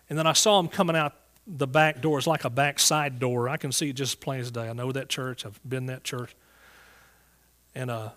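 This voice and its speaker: A man's voice: a little high, fairly bright tone. A man with a Southern US accent telling his calling story as a Bible teacher, folksy and earnest, with restarts, to a church congregation. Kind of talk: sermon testimony. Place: church service before a congregation.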